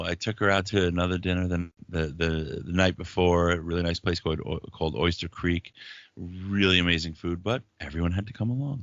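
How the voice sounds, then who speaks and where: A man hosting a podcast, telling stories in crude, profane, animated banter. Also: low voice, dry recording, lo-fi sound. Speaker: podcast host.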